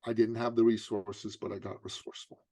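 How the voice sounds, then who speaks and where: A man's voice: fairly low pitch, fairly quick, no echo. A man, a business coach and author, telling a story in an interview and acting out the dialogue. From Canada. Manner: animated storyteller, acts out dialogue.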